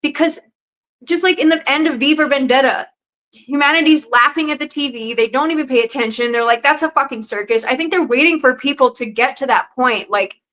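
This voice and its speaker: A woman with a high, bright voice hosts a casual conversation. She talks bluntly and with exasperation, and she swears freely. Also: brisk, rough recording. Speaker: podcast host. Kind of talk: casual chat.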